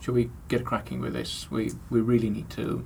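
Give me a laid-back man with a gravelly voice doing improv. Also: mid-range voice, monotone, normal speed, a little mellow, a little hiss or hum. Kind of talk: comedy improv.

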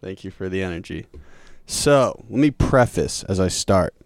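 A man hosting a podcast in a relaxed, chatty way who laughs easily. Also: sits low, moderate pace, dry recording, clean studio sound. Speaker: podcast host. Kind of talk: casual podcast chat.

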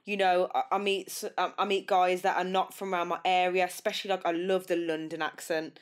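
A woman's voice: lowish voice, flat delivery, brisk, smooth. A woman hosting an interview show, chatting casually and teasing her guest playfully. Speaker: podcast host.

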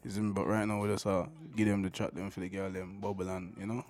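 A man speaks in a fairly low voice as a guest on a music chat. He sounds laid-back and keeps tagging his sentences with "you see me". His delivery is easygoing. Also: little pitch movement, fast talker, darkish tone. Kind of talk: casual interview chat.

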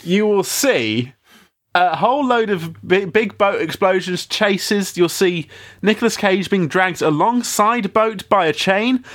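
A man's voice: sits high, expressive, a little slow, fairly bright tone. A man co-hosting a podcast, animatedly retelling film scenes in casual chat and laughing often. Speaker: podcast co-host.

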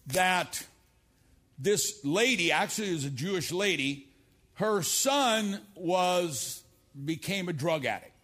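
A middle-aged male pastor preaching a televised church sermon, telling stories and moving from loud, emphatic lines to low, quiet asides. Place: church service filmed for television.

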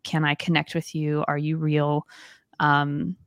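A woman's voice: deep voice, monotone, unhurried, dry recording, clean studio sound. A woman with a Southern US accent co-hosting a faith podcast, chatty and affirming. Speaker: podcast co-host. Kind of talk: casual faith podcast chat.

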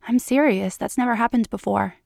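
A breathless, spent woman speaks in soft, hushed tones, as the narrator voices her. The recording is dry and close. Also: fairly high pitch, brisk, vocal fry, no room sound. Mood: intimate.

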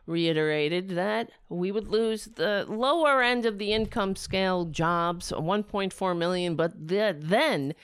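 A woman hosting a political talk show, speaking in a sarcastic, rambling way while her voice is going hoarse. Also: medium pitch, slow pace, hardly any pauses, no room sound. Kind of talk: casual opinion commentary.

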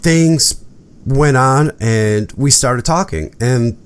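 A man's voice: mid-range voice, slow pace, clear, resonant tone. A man hosting a podcast, telling a personal story in casual chat, acting out quotes and swearing freely. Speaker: podcast host.

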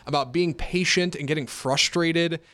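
A man from Houston co-hosting a radio show, talking in casual chat with a smooth radio voice. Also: a little high, normal speed. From Houston, Texas. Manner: smooth radio voice, animated storytelling. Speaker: radio co-host and announcer.

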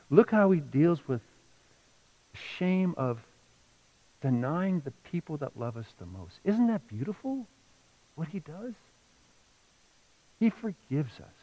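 Male pastor, middle-aged, sermon voice that swings from soft to loud, lively pitch, slightly dull recording. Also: measured pace, long pauses. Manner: emotional storytelling, rising and falling between hushed and loud.

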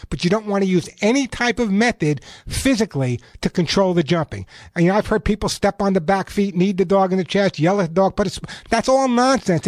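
A man with a high voice hosts a call-in radio show about pets, recorded dry on a studio microphone. As a pet expert, he chats, tells stories, and walks callers through advice step by step.

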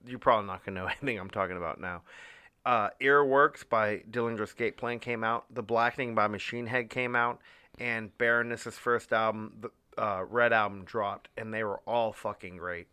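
Young man, podcast co-host, bright forceful tone, dry close sound, enthusiastic and profane. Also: lowish voice, steady tone, normal speed, smooth, no echo. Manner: enthusiastic, swears freely. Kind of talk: casual chat.

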